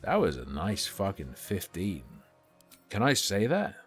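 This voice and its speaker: Man, game streamer, casual live commentary, mutters and swears, low voice, lively pitch. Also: measured pace, soft background music.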